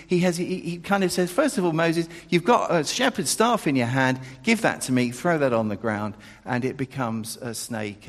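A man preaching a sermon, animated and acting out the dialogue of the figures he quotes, often breaking off and restarting. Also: vocal fry, slightly rough. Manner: animated, acts out quoted dialogue with pitch jumps, self-interrupting. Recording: long reverb of a large hall.

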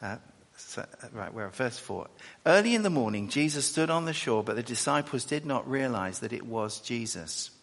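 A man preaches in a hall, and his words ring out with a long echo. His pitch leaps and dips as he talks, his voice has a gravelly edge, and he breaks off into chatty asides. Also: normal speed. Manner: animated, chatty asides, self-correcting. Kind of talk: sermon with scripture reading. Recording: echoey hall.

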